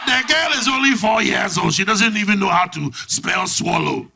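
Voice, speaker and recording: A man voicing a loud, defensive African father who won't admit he's wrong. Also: sits high, animated, normal speed, vocal fry, background noise. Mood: indignant.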